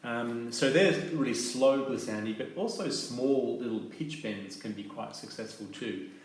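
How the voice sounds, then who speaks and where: A man explaining clarinet techniques in a calm, methodical teaching manner, with soft fillers between his points. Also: mid-range voice, unhurried. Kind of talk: instructional demonstration. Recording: very echoey room with faint noise.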